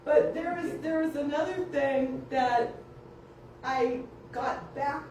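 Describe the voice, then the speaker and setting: A woman's voice: high-pitched, slow, slight background noise. Woman telling a story in a distant echoey room. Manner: animated, acts out quoted voices, laughs often. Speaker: family member telling stories. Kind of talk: casual storytelling.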